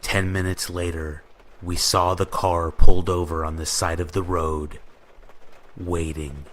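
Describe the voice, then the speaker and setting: A man reading true scary stories aloud in a steady scripted narration. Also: low-pitched, a little slow, a little hiss or hum. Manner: steady storytelling read. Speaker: horror story narrator. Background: rain ambience.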